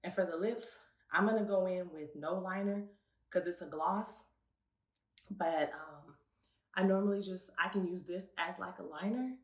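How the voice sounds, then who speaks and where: Chatty young woman in an echoey room. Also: fairly low pitch. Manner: chatty, animated, quick to laugh. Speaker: co-host and beauty segment presenter. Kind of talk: casual review chat.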